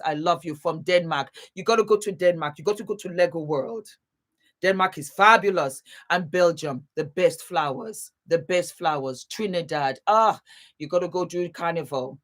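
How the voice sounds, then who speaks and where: A woman hosting a casual live stream, greeting viewers warmly by place and laughing often as she chats. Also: on the low side. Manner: warm, chatty, calls viewers baby and beautiful. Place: home, seated.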